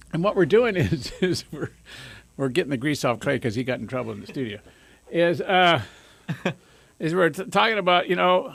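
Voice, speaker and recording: A man hosting a radio talk show in a studio, talking with high energy and joking at his own expense. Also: creaky, fairly bright tone, no room sound. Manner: high-energy, jokey, self-amused. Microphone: studio microphone.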